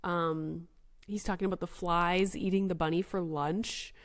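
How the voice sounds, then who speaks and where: A woman's voice: lowish voice, steady tone, a little slow. A woman hosting a solo podcast, telling a story in chatty, rambling casual talk that is full of filler words. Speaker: podcast host.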